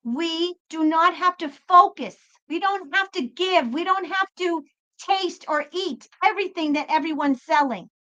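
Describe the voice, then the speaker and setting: Blunt, swearing woman with a bright high voice. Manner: blunt and profane, emphatic, swears freely. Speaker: tarot reader and spiritual channel host. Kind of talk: spiritual pep talk, unscripted. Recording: slightly dull lo-fi sound.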